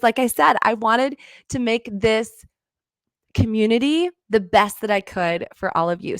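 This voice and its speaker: A woman's voice: mid-range voice, dry recording. A middle-aged woman hosting a faith-based podcast, telling stories earnestly and acting out her own past lines. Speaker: podcast host and business coach.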